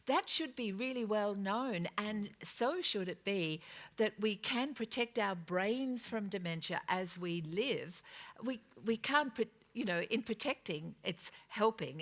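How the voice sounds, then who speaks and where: A woman's voice: mid-range voice, expressive, unhurried. A woman, thoughtful and searching for words as a panelist. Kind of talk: panel discussion.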